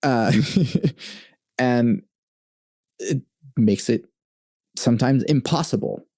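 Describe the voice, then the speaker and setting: A man with a soft, mellow voice hosts a casual podcast conversation. He thinks out loud, pausing and restarting, and breaks into laughter often. The sound is dry and close, with no room around it. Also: mid-range voice, gravelly, dry recording. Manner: thoughtful, halting, laughs often. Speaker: podcast host.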